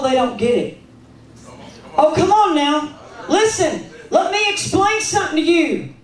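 A woman with a Kentucky accent preaches a sermon, her voice pitched high as she teases and questions the congregation with lots of emphasis. She is heard from a distance in a roomy, echoing church. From Kentucky, USA. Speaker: guest preacher. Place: church sanctuary.

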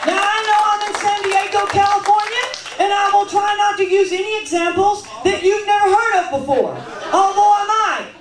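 A woman's voice: very high-pitched, fairly even intonation, moderate pace, few pauses, a crowd in the background. A woman with a Kentucky accent preaching a sermon in a church, emphatic and playful, often questioning and teasing the congregation. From Kentucky, USA. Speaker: guest preacher. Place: church sanctuary. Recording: roomy church sound from a distance.

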